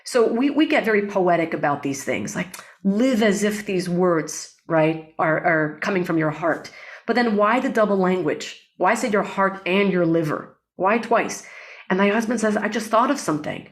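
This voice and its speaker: A woman with a lowish voice speaks as an interview guest, explaining breathwork in an earnest, teaching way. She often checks in with "right?" and recites lines of Hebrew prayer. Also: lively intonation, normal speed. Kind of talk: reflective interview talk.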